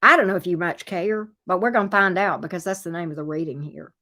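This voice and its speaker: A woman's voice: fairly low pitch, fast talker, pushed and bright, a little hiss or hum. A woman giving a casual tarot reading, chatting straight to her viewers, teasing them playfully and repeating her phrases. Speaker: tarot reader.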